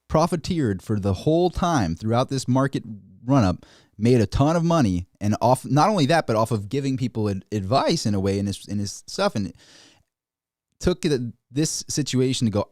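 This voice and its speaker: Animated man giving market commentary. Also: dry recording, clean studio sound. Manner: animated, mimics officials in high mocking voices. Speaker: finance commentator.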